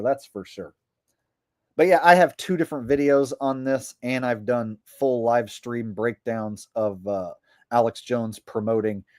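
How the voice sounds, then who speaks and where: A man's voice: medium pitch, a little mellow, no room sound, clean studio sound. A man, a comedian, doing live stream commentary in a boastful, profane, rambling way.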